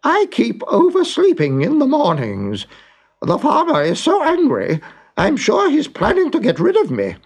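Wailing old rooster. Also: male voice, extremely high pitch, huge pitch swings, a little slow, husky, voice pushed up, full character voice. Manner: wailing and loud. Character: old weepy rooster, loud and complaining.

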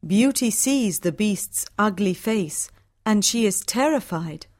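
A woman narrates a storybook in a clear, measured way. Her pace is slow and her pitch sits in the middle. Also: expressive, darkish tone, no echo, studio quality.

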